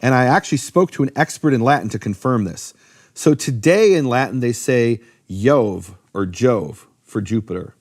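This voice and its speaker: A man explaining at length in a relaxed, conversational way, often restarting his sentences and filling pauses with "um" and "uh". His pitch sits in a middling range. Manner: lively, many fillers and restarts. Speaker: Bible teacher. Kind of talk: casual explanatory talk.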